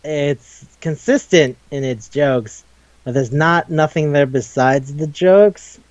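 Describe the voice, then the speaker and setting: A man talking casually on a podcast, rambling along and swearing as he recaps scenes. He drops into brief put-on voices for the characters he quotes. His voice sits at an ordinary pitch, and the recording sounds dry and a little dull. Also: takes it slowly, no room sound. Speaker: podcast co-host. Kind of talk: casual chat.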